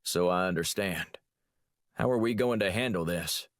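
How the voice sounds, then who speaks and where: Brusque veteran spy chief, gruff and blunt, read by a man. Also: sits low, normal speed, no room sound, studio quality, lightly acted. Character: brusque older male spy chief, cigar lover.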